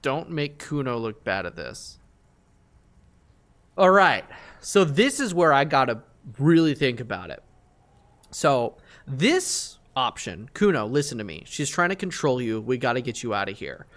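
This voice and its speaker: A young man live-streaming a game, reasoning aloud through his choices, excitable and full of fillers. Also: mid-range voice, measured pace.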